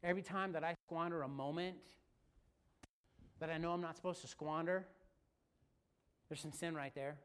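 A man preaching a sermon. He tells a story with energy and builds to loud, fervent preaching. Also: fairly high pitch, fairly even intonation, normal speed, pauses often, smooth. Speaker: pastor.

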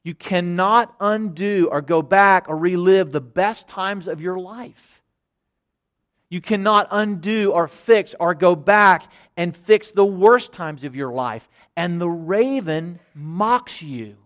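A middle-aged man preaching a sermon, earnest, repeating phrases and moving between loud emphasis and hushed quiet. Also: high-pitched, takes it slowly. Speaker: pastor.

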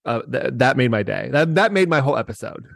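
A man in casual chat, recapping episodes with jokes and frequent laughs. His voice sits at an everyday middle pitch. The recording is dry and close, with no room sound. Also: expressive, fast talker, creaky, fairly bright tone, no echo. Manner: chatty, joking, laughs often. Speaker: podcast co-host.

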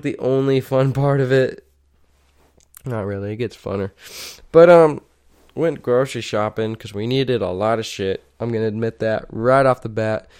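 Young guy rambling about his weekend, swears a lot, laughs a bunch, clean smooth voice. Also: mid-range voice, darkish tone. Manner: rambling, profane, laughs often and quotes friends in raised voices. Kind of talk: casual storytelling.

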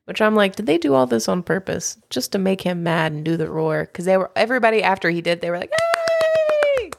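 A woman's voice: on the low side, fast, gravelly, very noisy. A woman co-hosting a podcast in casual chat, rambling with frequent laughs and acting out quotes. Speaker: podcast co-host.

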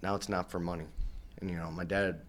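A young professional fighter, a man, telling stories from his career in a casual podcast interview, animated and swearing, acting out the voices of the people he quotes. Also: low-pitched, a little fast. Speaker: professional MMA fighter guest.

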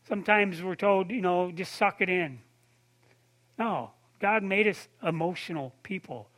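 A man preaching a sermon in a conversational way, asking his listeners questions and dropping to a soft, low voice for tender points. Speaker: pastor.

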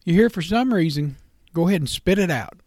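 A man's voice: sits high, animated, fairly quick, a little mellow, dry recording, studio quality, pitched above the performer's own voice. A man voicing a street-smart male memory thief who talks in a firm, urging, blunt way.

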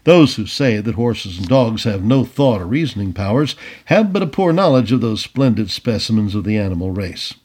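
A man narrating an old adventure story aloud in an expressive storybook reading. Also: lowish voice, normal speed, few pauses, slightly rough. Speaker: audiobook reader.

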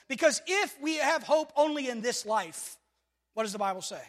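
A pastor delivering a sermon, swinging from shouts to hushed tones and calling back to the congregation with repeated refrains. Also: male voice, extremely high pitch, expressive, moderate pace. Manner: repetitive rhetorical calls to the congregation. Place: church sanctuary. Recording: long hall reverb from a church.

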